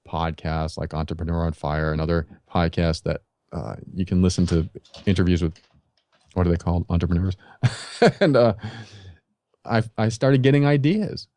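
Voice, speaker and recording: Deep dark-voiced man telling his story. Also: normal speed, dry recording. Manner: animated storytelling, acts out his own past reactions. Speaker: podcast guest. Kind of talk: storytelling in a casual interview.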